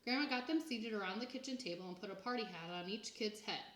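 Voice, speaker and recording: A woman reading a children's book aloud in an even, plain storytelling manner. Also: mid-range voice, quick pace. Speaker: reader. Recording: echoey room.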